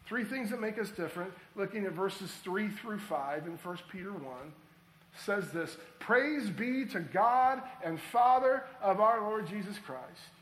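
A man's voice: high voice, fairly bright tone, echoey room, slight background noise, low-quality recording. A man preaching a sermon as pastor, building to emphatic points and leading the congregation in repeating a phrase. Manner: preaching with rising emphasis and call-and-response.

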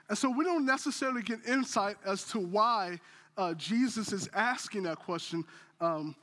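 A man's voice: high-pitched, a bit bright. A man preaching a sermon in a casual, conversational way, often restarting phrases and building to intense moments. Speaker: pastor.

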